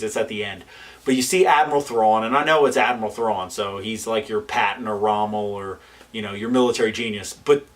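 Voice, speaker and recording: Casual male reviewer, fired-up and exasperated, mid-pitched, a touch off-mic. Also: distant mic. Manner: animated, exasperated ranting with fillers. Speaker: film reviewer. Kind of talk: casual spoken movie review.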